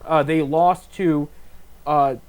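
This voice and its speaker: A man's voice: on the high side, steady tone, a little mellow, smooth. A man in his thirties hosting a casual sports talk show, running through football picks with frequent restarts and filler phrases. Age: 30s. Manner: halting, restarts and "there you go" fillers. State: talking with a stuffed face.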